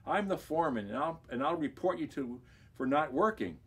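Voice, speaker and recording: A man voicing an angry male factory foreman who barks orders and scoffs, with a husky voice. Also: fairly high pitch, lively intonation, a little fast, pitched above the performer's own voice. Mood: barking. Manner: barking, scornful.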